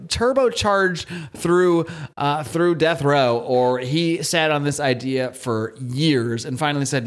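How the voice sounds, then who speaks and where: A man's voice: a little high, animated, slow pace. A young man co-hosting a podcast, rambling and joking through a comic book recap. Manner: rambling, jokey, many fillers. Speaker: podcast co-host.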